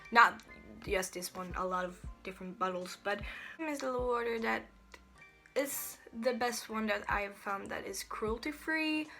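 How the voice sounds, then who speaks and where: A woman's voice: fairly high pitch, a little slow, bright, forceful tone, soft background music. A young woman with a Swedish accent, chatting casually through a review of used-up beauty products and often restarting her sentences. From Sweden. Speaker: beauty vlogger.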